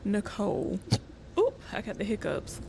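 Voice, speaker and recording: A woman's voice: mid-range voice, wildly swooping pitch, normal speed, gravelly, mellow, slight background noise. A woman streaming a game, reading in-game letters aloud with gasping reactions. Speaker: gaming streamer. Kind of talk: casual gameplay commentary.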